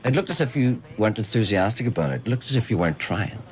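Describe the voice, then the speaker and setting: A Northern Irish man hosting a radio chat at a quick clip. His pitch leaps around as he teases his guest, slipping into mocking imitations of overacted lines. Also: lively intonation, low-quality recording. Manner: playful, mimics stagey voices. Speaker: radio host. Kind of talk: radio interview.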